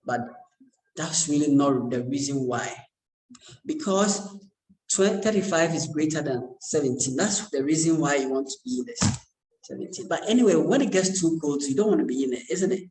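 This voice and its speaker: A man gives an expressive university lecture at normal speed, his voice a little high and a little mellow. He jokes, chats, and checks in with students again and again, and the echoey lecture room has a little hiss or hum.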